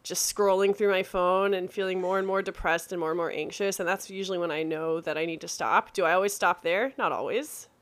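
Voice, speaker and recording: A woman's voice: fairly low pitch, steady tone, a little fast, few pauses. A woman co-hosting a podcast, reflective and candid in casual chat. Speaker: podcast co-host.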